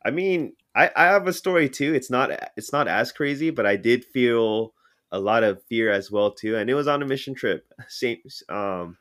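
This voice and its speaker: A young man in a casual podcast chat, relaxed and teasing. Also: medium pitch, moderate pace, dry recording, studio quality. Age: young adult. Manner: relaxed, short reactions, teasing.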